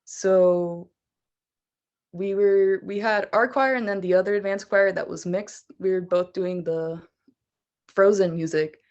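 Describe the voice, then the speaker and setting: A woman's voice: mid-range voice, fairly even intonation, a little slow, darkish tone, muffled recording. A young woman, a choir singer, telling a personal story in a casual chatty way with lots of "like" fillers. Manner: chatty, laughs often, fillers like "like". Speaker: guest, choir vocalist.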